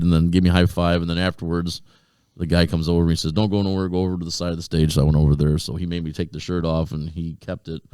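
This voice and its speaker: A man with a deep, low voice tells a rowdy story on a podcast, swearing freely as he goes. The sound is dry and close, with no room around it. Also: clean tone, no echo. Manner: profane, lively anecdote-telling. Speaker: podcast co-host. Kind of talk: casual storytelling chat.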